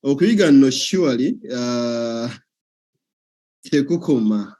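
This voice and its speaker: A man's voice: medium pitch, animated, slow, mellow. Man hosting a teasing chat. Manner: questioning, teasing, laughs often. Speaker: host. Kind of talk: casual interview chat.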